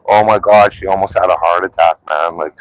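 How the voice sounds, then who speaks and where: A man's voice: deep voice, fairly even intonation, fairly quick, no room sound, low-quality recording. A man chatting loosely on a live stream, full of "like" and "um", rambling from one thought to the next. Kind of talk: casual live-stream chat.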